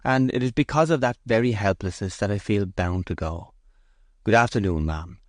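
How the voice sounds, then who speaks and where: A man's voice: fairly low pitch, moderate pace, dry recording, studio quality, lightly acted. Man voicing a shy, steadfast country farm manager. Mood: troubled. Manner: hesitant, plain-spoken. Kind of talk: audiobook character voice.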